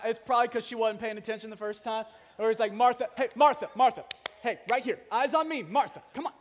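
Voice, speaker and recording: Young male pastor, very high voice, chatty jokey sermon, long hall reverb. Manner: conversational, animated, jokey asides.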